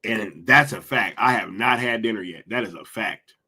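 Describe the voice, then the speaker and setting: A man's voice: on the low side, normal speed, sharp tone. A man hosting a casual livestream, chatting in slang, reading viewer comments aloud and laughing often. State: hungry after a long day. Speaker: livestream host.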